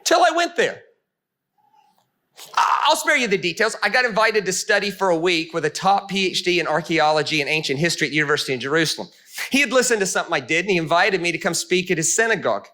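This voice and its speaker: A male pastor telling a Bible story in a lively, comic sermon before an audience. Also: sits high. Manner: animated, comic, punchy. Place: meeting room before an audience.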